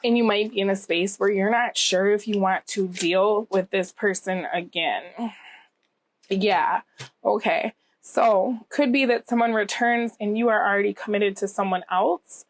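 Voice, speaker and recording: A woman's voice: mid-range voice, fairly even intonation, measured pace, dry recording. A woman giving a casual tarot reading to camera, a bit scratchy and nasal from a cold she is getting over, reassuring and often checking in with "okay?". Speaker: tarot reader.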